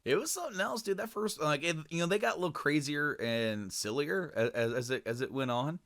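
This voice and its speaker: A young man co-hosting a podcast talks casually in a fairly high, animated, slightly bright voice at a somewhat quick pace. He rambles with plenty of fillers and restarts, swears freely, and jumps into a raised voice to act out quoted lines.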